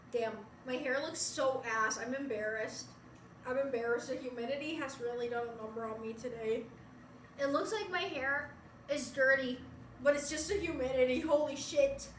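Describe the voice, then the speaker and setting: Bright high-voiced young woman streaming from bedroom. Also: recorded from a distance, slight background noise. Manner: giggly, chatty, reads chat aloud. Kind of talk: casual chat with viewers. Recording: roomy bedroom, voice away from mic.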